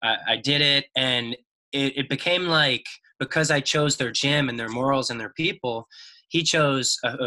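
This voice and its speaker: A laid-back male podcast guest telling a story in an easygoing way, peppered with fillers. His voice sits at a middle pitch with a very bright, sharp edge. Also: poor audio. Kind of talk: casual interview storytelling.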